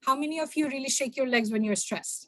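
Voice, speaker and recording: Fast-talking woman workshop speaker. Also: sits high, no room sound. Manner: animated, addresses the audience directly. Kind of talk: workshop talk mixing two languages.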